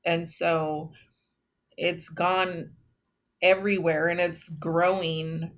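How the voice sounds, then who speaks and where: A woman from Texas, founder of a memorial, telling her story earnestly in a casual interview with many pauses. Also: fairly low pitch, little pitch movement.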